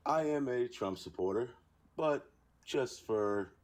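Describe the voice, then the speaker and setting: A middle-aged man from New York calling into a live stream debate, arguing in a halting, tired way. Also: medium pitch, lively intonation, darkish tone. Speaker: caller.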